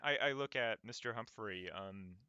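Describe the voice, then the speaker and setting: Slow-talking guy at a tabletop game, sharp bright voice, dull lo-fi mic. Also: fairly low pitch, clean tone, no room sound. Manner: hesitant, unhurried. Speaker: player. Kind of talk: casual tabletop play.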